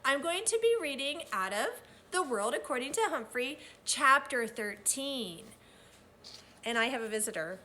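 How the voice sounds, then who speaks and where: Reading aloud to children and reviewing vocabulary words, a young teacher uses a high-pitched, sing-song voice at normal speed. She sounds animated and encouraging.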